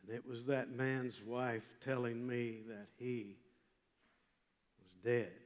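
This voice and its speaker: An older man preaching a chapel sermon, telling a story with emphatic swings from loud passages to hushed ones. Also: medium pitch, fairly even intonation, takes it slowly. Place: large chapel. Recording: long hall reverb.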